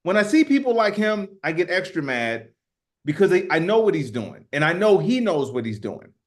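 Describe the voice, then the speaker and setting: A man's voice: high voice, big pitch swings, normal speed. A man co-hosting a podcast, delivering heated, profane political commentary and repeating words as he gets worked up. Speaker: podcast co-host.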